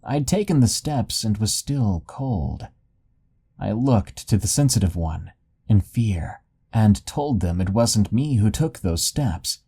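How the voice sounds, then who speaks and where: Male horror storyteller, dark mellow tone, steady dramatic delivery. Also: fairly low pitch, takes it slowly, slightly rough. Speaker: narrator. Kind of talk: scripted horror story narration.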